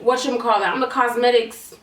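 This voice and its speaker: A young woman from Canada telling a storytime vlog in an animated, candid and profane way. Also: fairly high pitch, brisk. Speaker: vlogger. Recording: echoey room, mic at a distance.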